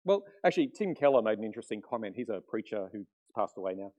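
A middle-aged man preaching a sermon as pastor, conversational and animated, often acting out quotes. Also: fairly low pitch, fast, dull audio.

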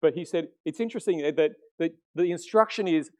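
Animated pastor preaching, man. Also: a little high, a little fast. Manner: conversational, animated storytelling with acted quotes. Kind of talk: sermon.

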